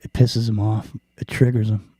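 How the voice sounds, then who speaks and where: A man's voice: lowish voice, little pitch movement, normal speed, warm tone, breathy edge, no echo. A man hosting a podcast in casual chat, rambling and joking with plenty of swearing. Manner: rambling, profane, jokey. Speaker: podcast host.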